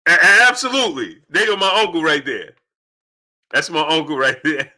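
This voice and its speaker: A man hosts a live stream in a loose, animated chat style, calling out viewers' names in quick succession. His voice is fairly high and very bright, with a forceful, cutting edge. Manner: animated, shouts out chat names rapid-fire.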